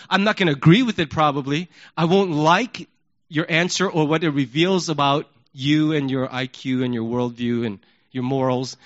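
A man preaching a sermon in an animated way, acting out yelled questions. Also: on the high side, moderate pace. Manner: animated, acts out yelling questions. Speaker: pastor. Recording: dull lo-fi recording.

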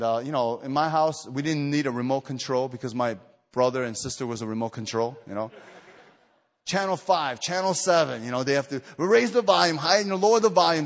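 A pastor preaches a sermon to a retreat gathering in a large hall, his mid-range voice telling stories full of fillers and restarts before building to emphatic exhortation.

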